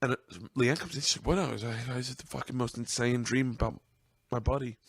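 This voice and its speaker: A man hosting a podcast, telling an emotional story in casual chat, his voice climbing high as he gets choked up. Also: steady tone, quick pace, creaky, slightly rough, no room sound. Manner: emotional, voice rising high as he tears up. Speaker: podcast host.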